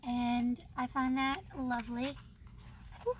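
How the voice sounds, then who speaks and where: Woman, high voice, bubbly casual chat, frequent laughs, book host. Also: flat delivery, slow pace, slight background noise. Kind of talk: casual chat about books.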